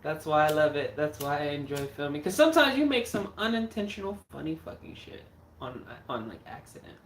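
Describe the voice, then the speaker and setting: A livestream host rambles casually and swears freely, talking at a middling pitch. The voice sits a little back from the mic in a roomy, echoey space, with a faint hiss of noise underneath. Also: expressive, brisk, recorded from a distance. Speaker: livestream host and horror filmmaker.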